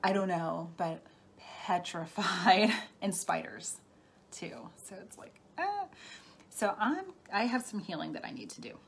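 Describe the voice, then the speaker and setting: A woman's voice: lowish voice, very animated, unhurried, breathy edge. A middle-aged woman talking casually on a live stream as a spiritual healer, chatty and laughing often as she answers viewer comments. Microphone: phone or webcam.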